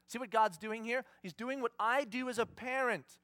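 Animated high-voiced male preacher. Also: moderate pace, hardly any pauses, dry recording. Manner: animated, conversational, acts out voices. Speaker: pastor. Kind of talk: sermon.

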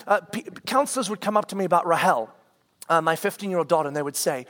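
Man, 40s, high-pitched, camp speaker, sermon storytelling, animated, stammering restarts. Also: quick pace. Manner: acts out quoted people in raised voices.

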